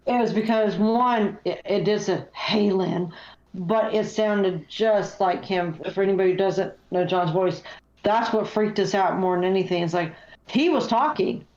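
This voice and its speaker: An American woman tells stories in relaxed conversation, acting out the voices she remembers. Her voice is mid-pitched. The recording is echoey and a little dull. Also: measured pace. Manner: animated storyteller, acts out voices. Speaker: guest paranormal investigator. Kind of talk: casual chat.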